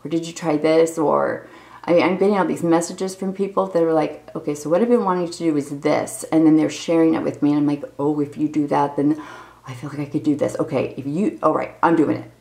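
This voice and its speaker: A woman in her forties speaks straight to her viewers in a raw, unplanned video diary. Her lowish voice carries a gravelly fry, and she rambles openly and emotionally through her feelings. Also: steady tone, a little fast, dark tone, low-quality recording. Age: 40s. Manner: candid, emotional, rambling confessional talk. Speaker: vlogger. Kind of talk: unscripted personal video diary.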